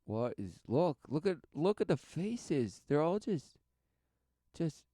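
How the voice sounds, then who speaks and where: A man giving sarcastic commentary over video footage, mocking the people he sees with quick scornful voices. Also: a little high, sing-song, mellow, no room sound, clean studio sound. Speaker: religious commentator.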